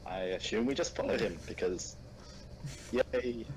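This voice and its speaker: A man's voice: mid-range voice, expressive, a little slow, poor audio. A man playing a character in a voice role-play, dry and joking in casual chat. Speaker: player. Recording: loud background noise with clicks.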